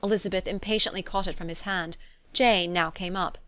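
A woman narrating a classic novel in a measured, even storytelling voice. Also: fairly low pitch, smooth, no echo. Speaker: audiobook narrator.

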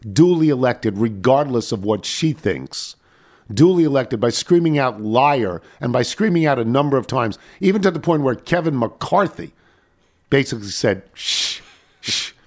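An older man hosts a talk radio show in a lively, swooping voice. He rants indignantly and fires off rhetorical questions in easygoing banter. His pitch climbs and falls all the way through. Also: normal speed.

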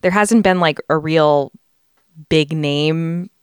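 An American woman hosts a podcast, chatting casually and laying out research facts with plenty of fillers. Her voice is low, slow and clear with a resonant tone, recorded in a studio with no echo.

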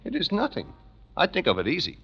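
An actor playing a scheming, fast-talking Broadway hustler and former fighter, in 1940s radio drama style. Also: male voice, fairly high pitch, wildly swooping pitch, slightly rough, heavily acted. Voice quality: New York tough-guy patter. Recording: dull old radio recording.

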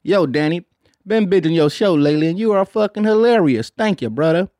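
A man's voice: sits high, animated, fairly quick, a little mellow, no room sound, studio quality. A man hosting a comedy podcast in a loose, profane, laid-back way, ending most phrases with "man" and reading out listener messages. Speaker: podcast host. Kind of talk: casual comedic podcast chat.

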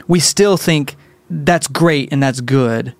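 A man's voice: mid-range voice, slow pace, dry recording. A man co-hosting a podcast, earnestly building a theological argument step by step. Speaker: podcast co-host. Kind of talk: conversational theology discussion.

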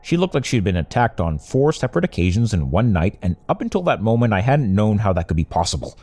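A young man narrates a first-person story with a wry, conversational touch and a quick pace. His low, mellow voice swings lively in pitch as he tells it.

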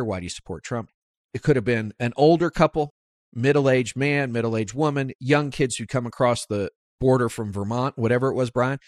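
Emphatic animated male podcast host. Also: medium pitch, no room sound, clean studio sound. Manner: animated, emphatic, rises sharply when making points. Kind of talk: conversational political interview.

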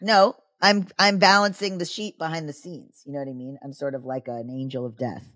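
A woman's voice: low-pitched, fairly even intonation, a little fast, a bit bright, dry recording. A young woman co-hosting a podcast in casual chat, wry and playfully mischievous. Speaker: podcast co-host.

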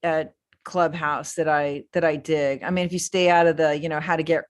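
A woman's voice: low-pitched, flat delivery, normal speed. Rambling, chatty woman guest. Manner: rambling, enthusiastic storyteller with many fillers. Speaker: filmmaker guest. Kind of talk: casual interview chat.

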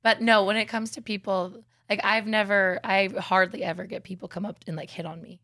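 A woman's voice: mid-range voice, flat delivery, brisk, sharp tone, no room sound, studio quality. A young woman co-hosting a podcast, chatting casually and playfully and swearing freely. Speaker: podcast co-host. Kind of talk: casual chat.

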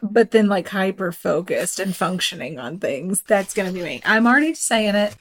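A woman's voice: medium pitch, expressive. A woman in her thirties co-hosting a podcast, joking playfully with her friend. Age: 30s. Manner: playful, jokey, quick interjections and laughter. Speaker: podcast co-host. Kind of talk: casual podcast banter.

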